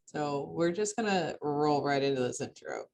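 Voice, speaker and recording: A woman co-hosting a podcast in casual chat, tired, with a sore throat and a flat, low-key delivery. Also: moderate pace, very noisy. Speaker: podcast co-host.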